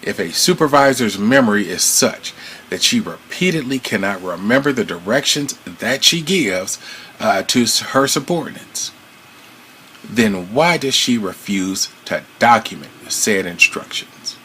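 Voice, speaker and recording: A man reading out an open letter about his former workplace in a measured, formal, aggrieved way. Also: lowish voice, animated, fairly bright tone, slight background noise, low-quality recording. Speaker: former retail employee.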